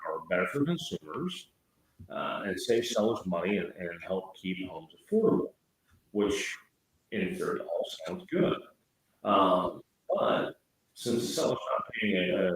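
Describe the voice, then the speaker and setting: A man co-hosting a talk show, chatty and full of fillers. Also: deep voice. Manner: chatty, many fillers like "you know" and "uh". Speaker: co-host. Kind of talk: casual talk show discussion. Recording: very echoey room.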